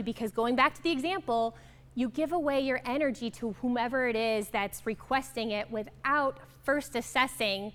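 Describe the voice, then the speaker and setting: A woman facilitating a workshop, upbeat and affirming as she draws answers from the group. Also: on the high side. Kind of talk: interactive workshop talk.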